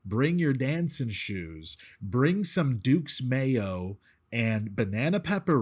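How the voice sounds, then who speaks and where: A man guesting on a casual podcast chat, relaxed and jokey. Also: medium pitch, takes it slowly, slightly rough.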